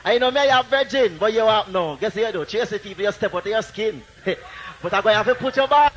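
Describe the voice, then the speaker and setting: A man's voice: high voice, fast talker, a little hiss or hum. A man with a Jamaican accent toasting live at a sound system dance, boasting and taunting a rival sound in patois chants. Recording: lo-fi live dance tape with loud music.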